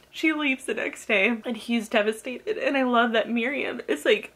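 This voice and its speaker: A woman's voice: fairly high pitch, normal speed, a bit bright, slightly rough. A young woman vlogging about a book she loves, reading passages aloud and gushing emotionally between them.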